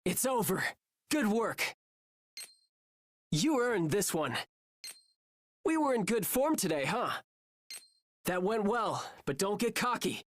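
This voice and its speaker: A woman's voice: medium pitch, big pitch swings, slow, long pauses, dry recording. A young woman voicing a cheerful female monster-hunting soldier in a video game, calling out encouragement and short battle lines to her teammates. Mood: upbeat. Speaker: game character voice.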